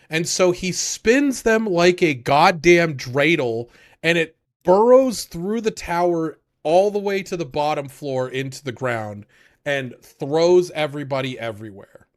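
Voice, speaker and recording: A podcast co-host recaps anime episodes in a casual, animated style. He swears often and acts out the characters' lines in a voice that's a little high.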